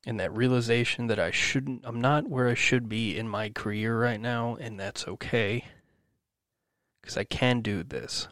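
A man's voice: mid-range voice, unhurried, a bit bright, no room sound, clean studio sound. Swearing man venting to his listeners. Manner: swearing, rambling, self-encouraging. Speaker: podcast host. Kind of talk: personal venting monologue.

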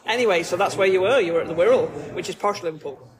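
A woman with a Scottish accent, co-hosting a podcast, chatty and teasing with frequent laughs. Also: mid-range voice. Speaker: podcast co-host, therapist. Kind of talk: casual chat. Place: busy coffee shop. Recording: noisy café crowd. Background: café crowd chatter.

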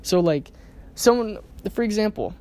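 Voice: medium pitch, lively intonation, measured pace, warm tone. A podcast host giving a casual self-help monologue in a conversational way, often checking in with the listener by asking "right?" and laughing now and then.

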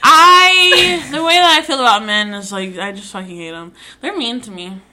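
Bright-voiced young woman, candid and slangy. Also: on the high side, moderate pace. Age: 20s. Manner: candid, slangy and profane, laughing often. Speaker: podcast co-host. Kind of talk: casual chat.

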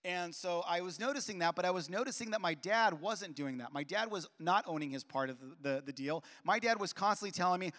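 Man, 40s, preacher; high voice, animated storytelling, long hall reverb. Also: quick pace, few pauses. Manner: animated, with repeated restarts and acted-out dialogue. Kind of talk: personal storytelling sermon.

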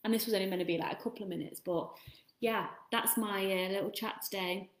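Woman coach, middle pitch, rambling casual chat, roomy echo. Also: steady tone, a little fast. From England. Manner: chatty, rambling, swears freely. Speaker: self-love coach. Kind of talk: casual motivational talk. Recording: echoey room.

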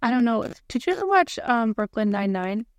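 Young woman co-host, playful and teasing, casual chat; voice slightly high, dry close mic. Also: very animated, fairly quick, dry recording. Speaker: podcast co-host.

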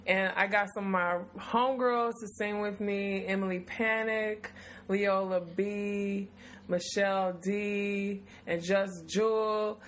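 A woman's voice: mid-range voice, steady tone, slow, slight background noise. A woman hosting a podcast in loose, affectionate, rambling chat with plenty of fillers. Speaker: podcast host.

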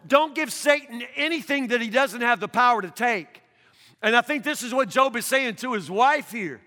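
High, bright-voiced preacher in a reverberant hall. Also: male voice, lively intonation, moderate pace. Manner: earnest, repeats words when pressing a point, rises to near shouting. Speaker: pastor. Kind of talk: sermon. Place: church hall.

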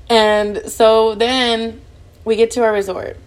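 Young female podcast host; rapid, lively, profane storytelling voice. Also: medium pitch. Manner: fast, animated, profanity-laden chatter. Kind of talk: casual storytelling.

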